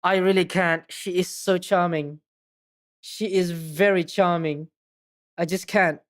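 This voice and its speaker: A woman's voice: fairly low pitch, fairly even intonation, slow. A woman streaming a game, chatting casually with lots of giggles and self-deprecating asides.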